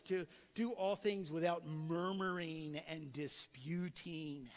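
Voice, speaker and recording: A male pastor preaching a sermon in an animated way, often repeating his words as he goes. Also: sits high. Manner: animated preaching with frequent word repetitions. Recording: long reverb of a large hall.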